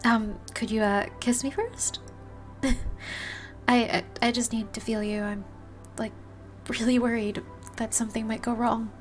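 A woman's voice: a little high, fairly even intonation, a little slow, soft background music, close to an everyday voice. A young woman voicing a feisty hacker girlfriend with an elf avatar, swearing and bantering with laughs in a listener-addressed audio role-play. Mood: tender, tearful. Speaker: voice actor.

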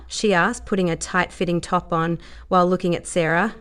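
A woman narrating a story in an even storytelling manner. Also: fairly low pitch, a little fast, clear, resonant tone. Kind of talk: audiobook narration.

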